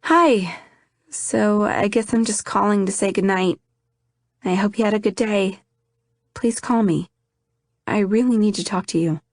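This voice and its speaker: A woman's voice: medium pitch, a little slow, pauses often, no echo, pitched above the performer's own voice. A grieving, stubborn young woman, as a female audiobook narrator puts her on, pleading and emotional. The storybook voice is close and dry, with no room sound. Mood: wistful.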